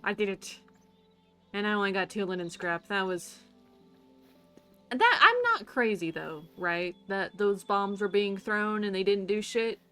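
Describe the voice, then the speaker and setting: A woman's voice: mid-range voice, animated, a little slow, bright, forceful tone, clear, resonant tone, soft background music. A woman streaming a game, chatting casually to herself, laughing often and swearing casually. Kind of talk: casual gameplay commentary.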